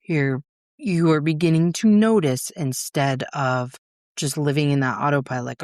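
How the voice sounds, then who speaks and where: A woman's voice: low voice, normal speed, darkish tone, no echo, studio quality. A woman hosting a solo podcast, talking casually and frankly, swearing freely and acting out her inner voice in little quoted asides. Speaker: podcast host.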